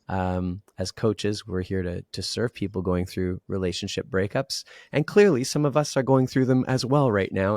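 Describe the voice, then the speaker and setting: Male podcast host and coach, very low voice, dry close mic, candid and vulnerable. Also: darkish tone, dry recording. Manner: open and vulnerable, shares personal feelings. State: going through a recent breakup. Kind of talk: casual podcast conversation.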